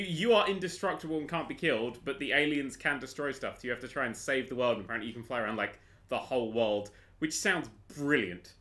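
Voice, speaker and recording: Guy hosting a podcast, kinda high voice, rambly and sweary, just chatting. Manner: animated, rambling, swears freely. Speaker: podcast host. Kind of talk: casual chat. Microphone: desk mic, clicky keyboard nearby.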